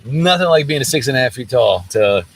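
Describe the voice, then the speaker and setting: A man's voice: mid-range voice, a little fast, distant mic, slight background noise, rough recording. A man with a Cajun accent, chatting casually as a co-host and acting out voices in his stories. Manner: animated storyteller, acts out voices. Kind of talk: casual chat.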